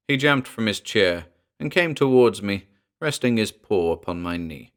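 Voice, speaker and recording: A man narrating a first-person horror story in a measured, earnest way. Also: fairly low pitch, lively intonation. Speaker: audiobook narrator. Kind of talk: scripted narration.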